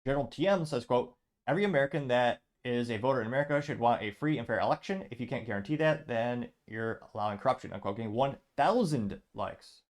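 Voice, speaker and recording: A man's voice: medium pitch, fast talker. A man hosting a show, reading social media posts aloud and adding wry asides. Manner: reads comments out, adds wry asides. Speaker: host.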